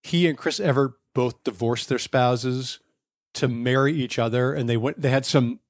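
Sardonic, foul-mouthed male co-host, average pitch, dry close mic. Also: normal speed, dry recording. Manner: profane, blunt, sardonic. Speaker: podcast co-host. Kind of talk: casual chat.

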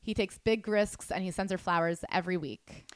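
A woman co-hosting a podcast in casual chat, jokey and animated, often reading quotes aloud. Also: lowish voice, moderate pace, no echo. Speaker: podcast co-host.

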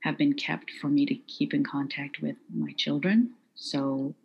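Soft-spoken woman with a gravelly voice. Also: sits low, steady tone, lo-fi sound. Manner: quiet, measured, halting. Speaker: guest. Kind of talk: personal testimony in interview.

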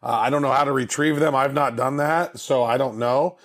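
A man's voice: medium pitch, fairly even intonation, normal speed. A man co-hosting a casual podcast, talking in an easygoing, hesitant way with many fillers. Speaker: podcast co-host.

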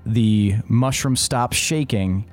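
A man's voice: on the low side, slow, soft background music. A man narrating as game master in a tabletop game, loosely and with lots of "like" and restarts. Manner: loose narration full of "like" and restarts, laughing along.

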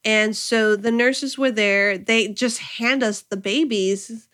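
Animated woman recounting a story, slightly high voice. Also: slow. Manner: animated, acts out quotes, laughs. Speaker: interviewee, new mother. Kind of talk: casual storytelling.

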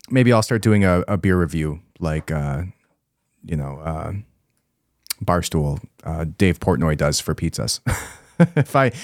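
A man's voice: low voice, dry recording, clean studio sound. A man hosting a podcast, giving casual, emphatic commentary and repeating his points for force. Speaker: podcast host.

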